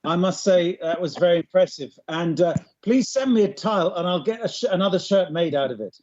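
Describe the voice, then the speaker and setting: Male moderator, high husky voice, joking host patter, lo-fi video call. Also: animated, a little fast, darkish tone. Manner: chatty, cricket-commentary jokes. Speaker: panel moderator. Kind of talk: casual moderating banter. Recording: muffled video call audio.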